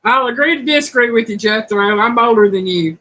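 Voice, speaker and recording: Chatty woman cooking host, high and bright, casually answers viewers' comments. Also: brisk, poor audio. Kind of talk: casual livestream chat.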